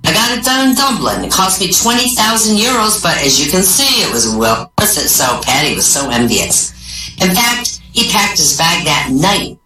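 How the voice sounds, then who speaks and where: A woman telling a string of Irish pub jokes, jumping up in pitch for each quoted character. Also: sing-song, normal speed, bright, forceful tone. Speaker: stand-up comic. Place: small comedy venue. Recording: echoey room from far off, faint music.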